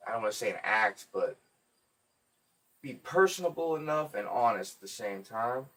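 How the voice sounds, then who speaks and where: A man's voice: medium pitch, normal speed, far from the mic. A man hosting a podcast, telling stories in a casual, profane, joking way. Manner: profane, joking, animated storyteller. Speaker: podcast host. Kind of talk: casual storytelling chat.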